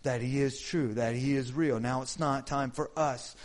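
A man's voice: medium pitch, fairly even intonation, normal speed. A man preaching a Sunday sermon with mounting fervor, acting out quotes. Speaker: pastor. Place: church service room.

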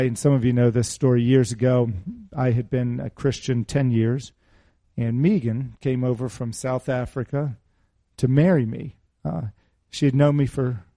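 A man's voice: medium pitch, warm tone, dry recording. A middle-aged man preaching a sermon, mixing scripture with a personal story and asking his listeners questions in a conversational manner. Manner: conversational, asks the audience questions.

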